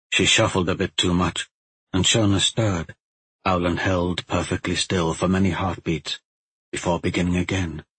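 A man with a low, husky voice narrates a fantasy audiobook, slow and hushed to build suspense. The recording is close and dry, with no room sound. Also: no room sound, low-quality recording.

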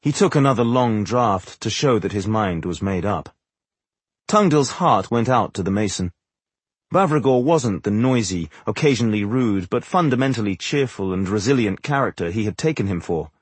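A man narrating a fantasy audiobook in a measured, even storytelling manner. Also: on the low side, slightly rough, dry recording. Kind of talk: scripted narration.

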